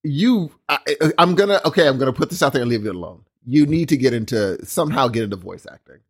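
A man's voice: mid-range voice, animated, quick pace, breathy edge. A man hosting a podcast in casual chat, talking in an enthusiastic, encouraging way. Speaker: podcast host.

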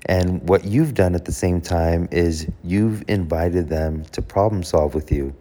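A man's voice: low-pitched, unhurried, dark tone. A man talking casually to camera about handling requests, correcting himself and acting out short example exchanges. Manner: conversational, self-correcting, acts out example dialogue. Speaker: host. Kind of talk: casual advice talk.

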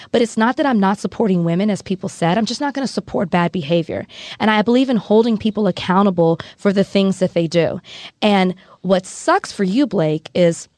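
A woman's voice: mid-range voice, darkish tone, dry recording, studio quality. A woman co-hosting a podcast, outspoken and blunt in casual chat. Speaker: podcast co-host.

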